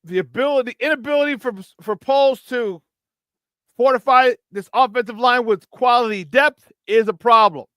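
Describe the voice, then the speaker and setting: Male sports talk host, high-pitched, dry studio mic, angry rant with mocking asides. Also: normal speed, sharp tone, dry recording. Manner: frustrated, profane, mocking impressions.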